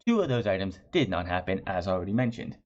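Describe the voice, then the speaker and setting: A man's voice: low-pitched, sing-song, fast. A man reviewing a wrestling show in a chatty, sarcastic way, often restarting his phrases. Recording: dull lo-fi recording.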